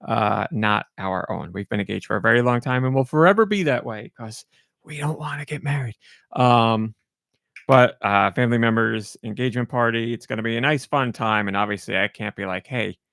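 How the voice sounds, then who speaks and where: A middle-aged man chatting casually on his podcast, rambling and poking fun at himself. His mid-range voice has a gravelly fry at the ends of phrases. The sound is close and dry, with no room around it. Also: mid-range voice, a little fast, fairly bright tone, no echo. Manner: rambling, self-deprecating, chatty. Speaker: podcast host. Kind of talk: casual solo podcast chat.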